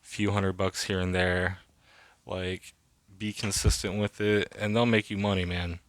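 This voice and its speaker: A man's voice: deep voice, little pitch movement, a little slow, dry recording. A man in his thirties hosting a casual solo podcast, rambling and swearing freely with lots of fillers. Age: 30s. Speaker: podcast host.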